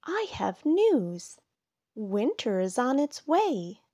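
A woman's voice: on the high side, big pitch swings, takes it slowly, warm tone, dry recording, clean studio sound, voice pushed up, heavily acted. A woman voicing an urgent skunk in a storybook, insisting that winter is coming. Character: urgent busy skunk bringing news.

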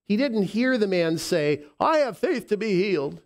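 A man preaching a sermon as pastor, speaking with a lisp, emotional and halting with frequent restarts, moving between soft tender moments and emphatic declarations. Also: high voice, big pitch swings.

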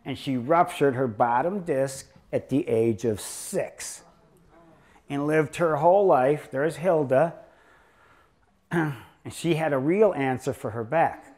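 Joking, rambling doctor lecturing a crowd. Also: male voice, on the high side, takes it slowly, a little mellow. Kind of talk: anecdotal lecture to a live audience.

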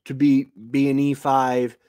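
Man, 50s, livestream host; unhurried, rambling chat, dry close sound. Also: medium pitch, completely flat delivery, a little mellow, clear, resonant tone, no room sound. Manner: rambling, with many fillers and restarts. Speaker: homestead show host. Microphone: computer mic on a live stream.

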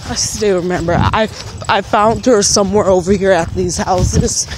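Woman, rambling and sad, calls to her dog, phone vlog outside, loud wind noise, ordinary pitch. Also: steady tone, moderate pace. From Texas. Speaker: vlogger. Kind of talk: casual vlog, walking and talking. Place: outdoors on a residential street in the cold.

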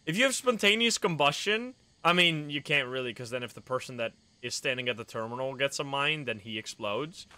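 A man streaming a game live, talking to himself and his friends in an excitable way, swearing and laughing often. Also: medium pitch, a little fast, hardly any pauses, clean tone, no echo. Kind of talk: casual live gameplay commentary.

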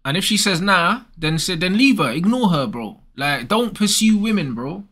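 A man's voice: high-pitched, animated, normal speed, a bit bright. A young man, ranting casually and bluntly with lots of slang as host. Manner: blunt, slangy, repeats "bro" and "bruv". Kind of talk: casual advice rant.

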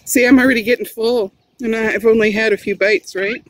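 A woman's voice: fairly high pitch, fairly even intonation, a little fast, a little hiss or hum, low-quality recording. A middle-aged woman, chatting casually while eating on camera, giggling often and rambling. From Hawaii. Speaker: vlogger. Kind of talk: casual mukbang vlog. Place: home, then in a car.

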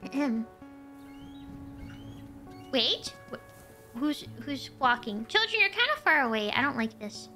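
A woman's voice: high-pitched, very animated, slow pace, long pauses, sharp tone, soft background music. A woman streamer chatting animatedly while playing a game, telling stories as she goes. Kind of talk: casual gameplay chat.

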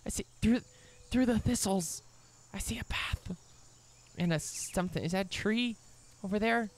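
A young man giving casual let's play commentary, excitable, breaking into squeaky high exclamations. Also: moderate pace.

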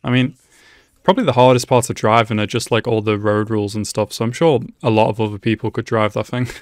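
A man's voice: lowish voice, quick pace, no echo. Laughing man reacting casually. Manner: laughs often, excitable exclamations and asides to the screen. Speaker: anime reaction channel host. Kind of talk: casual live reaction commentary.

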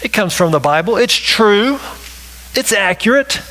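A man's voice: sits high, animated, measured pace, sharp tone, slight background noise, low-quality recording. A male pastor delivering a sermon, emphatic and repetitive, often checking in with the congregation with a rhetorical "right?".

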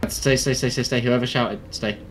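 A man's voice: medium pitch, steady tone, normal speed, background noise. Joking Scottish gamer man. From Scotland. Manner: joking running commentary, swears. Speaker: player. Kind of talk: live gaming banter.

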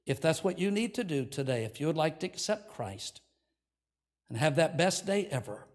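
A man's voice: fairly high pitch, big pitch swings, moderate pace. Older male pastor giving an altar call. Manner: earnest, leads prayer, coaxing invitation. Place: church sanctuary.

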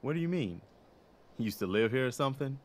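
An actor playing an earnest, dutiful male militia leader in a video game, speaking in a steady, sincere way. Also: mid-range voice, quick pace, natural voice. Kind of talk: game character dialogue.

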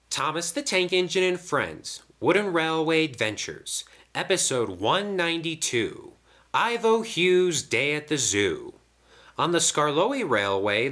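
A man narrating a children's toy train story in an expressive storybook style. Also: a little high. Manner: lively, expressive.

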